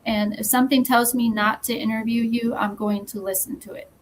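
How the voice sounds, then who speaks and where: A woman talking as a podcast guest, telling a story in a measured, firm way with pauses. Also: on the high side, steady tone, slight background noise, poor audio. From Texas. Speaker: podcast guest, magazine founder. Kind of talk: casual interview chat.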